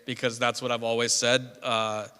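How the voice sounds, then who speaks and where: A man's voice: medium pitch, flat delivery, moderate pace, sharp tone, clean tone. A man with an American accent preaching a sermon as pastor, mixing announcements and casual, self-deprecating asides to the congregation. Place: church sanctuary. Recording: long hall reverb.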